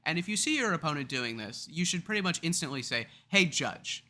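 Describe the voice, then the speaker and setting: A man's voice: fairly high pitch, sing-song, fast talker, pushed and bright. A man explaining a card game topic in a chatty, rambling, self-deprecating way, now and then acting out scenarios. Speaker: card game video creator.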